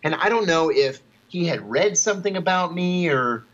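Man, guest storyteller, calm and measured, a bit high-pitched, dull lo-fi audio. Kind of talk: storytelling in a podcast interview.

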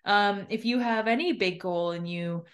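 A woman's voice: mid-range voice, normal speed. Chatty candid woman podcaster. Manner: chatty, candid, many fillers and restarts. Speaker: podcast host and new author. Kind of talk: candid reflective monologue.

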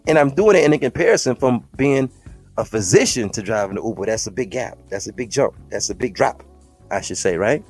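A man's voice: mid-range voice, lively intonation, brisk, a little mellow, breathy edge, soft background music. A man hosting a podcast, delivering an impassioned, preachy monologue full of slang and often calling listeners beloved. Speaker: podcast host.

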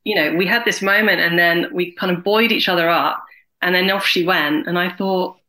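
A woman in her forties, a guest in a candid interview, talking in an animated way and acting out other people's lines. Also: lowish voice, moderate pace, rough recording. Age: 40s. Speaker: guest, carer and writer.

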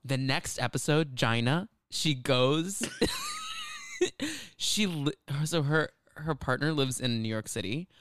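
A man's voice: a little high, slow, no room sound, studio quality. A man co-hosting a podcast, telling a story in casual chat and breaking into laughter often. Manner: giggly, animated storyteller who keeps breaking into laughter. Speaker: podcast co-host.

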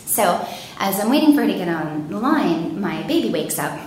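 A woman telling a personal story in a lively way, acting out panicked quotes. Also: medium pitch, moderate pace. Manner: animated, acts out panicked quotes. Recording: very echoey room, faint noise.

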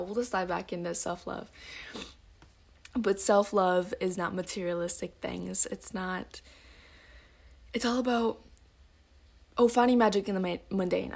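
A woman hosting a casual solo podcast, rambling with lots of "like" and "um" and sometimes slipping into soft, breathy asides. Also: mid-range voice, steady tone, normal speed. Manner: rambling, heavy use of "like" and "um". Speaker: podcast host.

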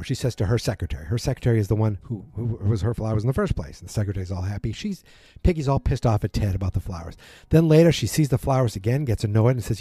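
A man's voice: lowish voice, moderate pace, breathy edge, dry recording, soft background music. A man casually recapping a TV episode, rambling and correcting himself as he acts out bits of dialogue. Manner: rambling, self-correcting, animated quotes.

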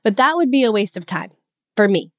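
A woman's voice: mid-range voice, brisk, no room sound, clean studio sound. Earnest coach woman in her forties. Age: 40s. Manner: earnest, animated, laughs often. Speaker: guest coach. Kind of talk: podcast interview conversation.

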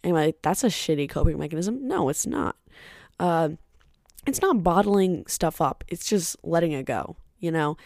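A woman's voice: lowish voice, expressive, moderate pace, a little mellow, no room sound, clean studio sound. A young woman hosting her own podcast, talking casually in a candid, blunt way, swearing often and wandering into side remarks. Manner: chatty and rambling, with side remarks. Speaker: podcast host.

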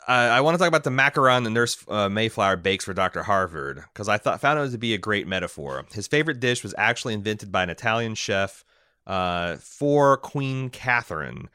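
Male podcast co-host, smooth, crisp voice, casual and halting delivery. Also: fairly low pitch, lively intonation, sharp tone, no echo, studio quality. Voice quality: halting, many fillers and restarts. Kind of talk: casual podcast chat, reading listener mail.

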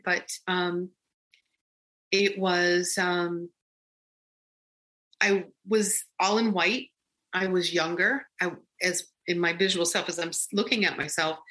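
A woman's voice: on the low side, sharp tone. A woman telling a personal story in an earnest, reflective way, rambling with frequent ums and restarts. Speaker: storyteller recounting a personal experience.

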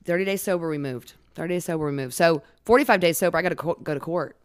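Low-voiced woman telling a lively story. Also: fast talker, clean tone, no echo, studio quality. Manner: animated, laughing often, swearing. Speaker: podcast guest. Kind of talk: casual storytelling.

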